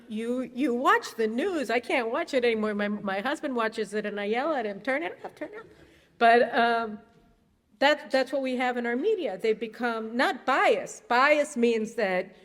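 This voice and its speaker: Sarcastic, animated woman speaking in a hall. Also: a little high. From United States. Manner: animated, sarcastic, many restarts. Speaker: guest speaker. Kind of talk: public talk. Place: synagogue hall.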